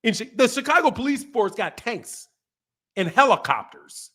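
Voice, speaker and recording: A man's voice: very high voice, animated, moderate pace, bright, forceful tone. A man hosting a casual podcast, ranting emphatically and swearing a lot. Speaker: boxing channel host. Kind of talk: casual profane podcast rant.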